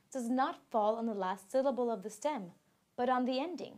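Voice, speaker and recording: A woman reading scripted textbook narration in a slow, careful, even delivery, giving examples in two languages. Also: on the high side.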